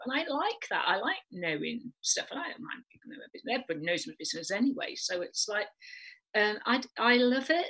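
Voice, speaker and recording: A woman's voice: medium pitch, sing-song, fast talker, pushed and bright, breathy edge, rough recording. A woman with a North Welsh accent, chatting casually and animatedly in rambling asides. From North Wales. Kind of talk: casual chat.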